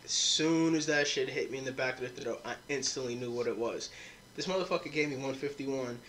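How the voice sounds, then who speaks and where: Brisk and fairly bright in a mid-range voice, this young man hosts a podcast over a faint hiss or hum. Among friends, he spins a rowdy, profane drinking tale stuffed with quoted lines.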